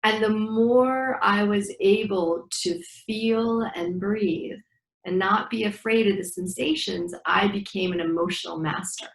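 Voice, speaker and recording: A woman's voice: mid-range voice, unhurried, vocal fry. A middle-aged woman, a breathwork teacher, guiding breathing exercises and acting out dialogue as she tells stories in an interview. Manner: animated storyteller acting out dialogue. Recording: echoey room.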